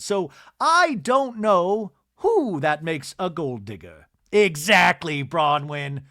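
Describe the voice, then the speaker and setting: A campy man recapping reality TV on his podcast with comic indignation. His voice is high, very lively and bright. He is recorded dry on a close mic. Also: takes it slowly, hardly any pauses, dry recording. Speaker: podcast host.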